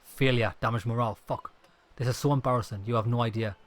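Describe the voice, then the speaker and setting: Guy reading out a dialogue game while he plays, casual, swears when he fails, mid-pitched. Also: steady tone, fast. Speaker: gaming channel host.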